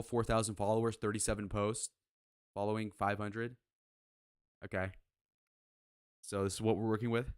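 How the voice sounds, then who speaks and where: A young man in his twenties reacting to clips of himself in a loose, profane way, quick to flare up with disbelief. His voice sits on the low side. It sounds dry, with hardly any room around it. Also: dry recording. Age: 20s. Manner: blunt, profane and excitable. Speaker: streamer reviewing his own speed date. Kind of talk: casual reaction commentary.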